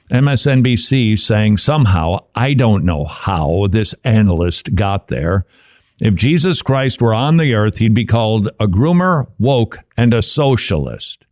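A man's voice: lowish voice, lively intonation, measured pace, a little mellow, dry recording, clean studio sound. A man hosting a Christian commentary show, talking casually and wryly, with asides and chuckles. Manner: wry, conversational, with asides and chuckles. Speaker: Christian talk show host.

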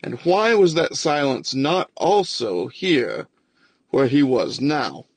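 A man reading a fantasy story as narrator, with steady, even storytelling. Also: medium pitch, slow pace, husky, no echo.

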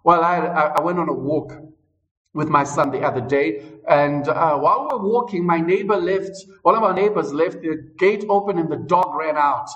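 Male pastor, high-pitched, emphatic repeating sermon delivery; recorded from a distance. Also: normal speed, a bit bright, dull audio. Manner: emphatic, repeats phrases for stress. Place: church service. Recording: voice a bit far from the mic.

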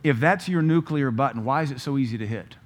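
A man preaching a sermon, firing off rhetorical questions and telling stories with lively energy. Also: mid-range voice, quick pace. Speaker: pastor.

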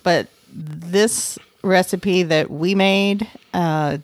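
A woman's voice: on the low side, steady tone, very slow, no echo. A woman from Texas co-hosting a casual podcast, playful and teasing. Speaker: podcast co-host.

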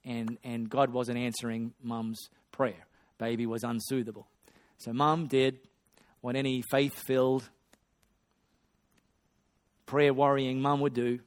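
A man preaching a sermon, swinging between loud excitement and hushed storytelling. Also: mid-range voice, takes it slowly. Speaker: pastor.

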